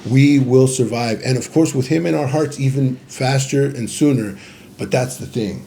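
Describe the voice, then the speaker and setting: A man on a podcast gives advice in an emphatic way, often repeating himself to drive a point home. His voice is mellow and dark, at an ordinary pitch for a man. A faint noise hums underneath. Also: moderate pace, gravelly. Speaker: podcast co-host. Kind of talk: casual podcast conversation.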